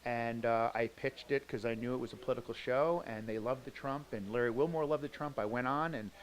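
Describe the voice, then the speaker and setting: Relaxed male comedian backstage. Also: medium pitch, fairly quick, low-quality recording. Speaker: comedian guest. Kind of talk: backstage interview. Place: backstage at a theater.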